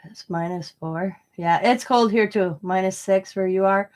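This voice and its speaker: An older Wisconsin craft-channel host chats casually as she crafts live, meandering through family stories and laughing at her own tales. Her voice is medium-pitched and darkish, and she speaks unhurriedly.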